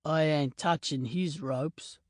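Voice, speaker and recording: A woman voicing a huge, gruff male rugby player who mocks his teammate. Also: low-pitched, slow, a little mellow, no echo, studio quality. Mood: mocking. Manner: gruff, mocking.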